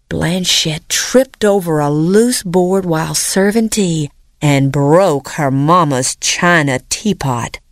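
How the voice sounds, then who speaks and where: Slow-spoken woman telling a folktale. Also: on the low side, no room sound, studio quality. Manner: expressive, lively voices for characters. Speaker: storyteller. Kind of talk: folktale storytelling. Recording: narration over loud fiddle and guitar music.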